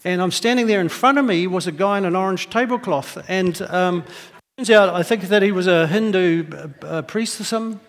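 High-voiced New pastor preaching. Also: male voice, fairly quick, hardly any pauses. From New Zealand. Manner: lively, humorous storytelling. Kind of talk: sermon with personal anecdotes. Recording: echoey hall.

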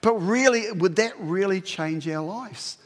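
A man preaching a sermon in a church, talking to the congregation in a conversational, animated way and asking them questions. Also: high voice, unhurried. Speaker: pastor. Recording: long hall reverb.

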